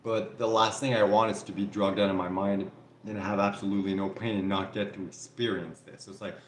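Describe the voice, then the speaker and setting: A man's voice: on the low side, level tone, brisk, roomy sound, a little hiss or hum. A man from Canada with a French Canadian accent, hosting a live Q&A and reading out viewer comments in casual chat, with plenty of "like" and "you know". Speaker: livestream host answering viewer questions.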